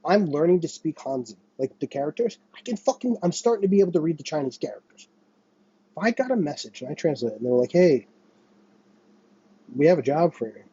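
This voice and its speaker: A man's voice: a little high, sing-song, quick pace, warm tone, muffled recording, slight background noise. A young man hosting a solo podcast, ranting in a heated, sarcastic and profane way. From United States. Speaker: podcast host.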